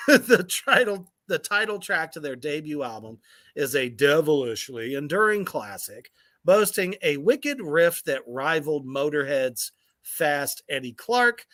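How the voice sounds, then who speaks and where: Lively, bright-voiced sarcastic woman co-host. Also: low voice, a little slow. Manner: sarcastic, swears freely, laughs often. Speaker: co-host reading and mocking a music list. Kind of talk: casual profane commentary.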